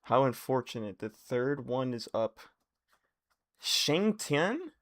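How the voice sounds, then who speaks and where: A young man on a live stream reacting as he reads. He swings from low muttering to loud, surprised outbursts and often repeats phrases. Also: very animated, slow.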